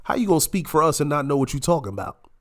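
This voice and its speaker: A man's voice: a little high, sing-song, rapid-fire, fairly bright tone. A man giving heated, profane reaction commentary, his voice nasal and congested from illness. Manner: profane, combative ranting.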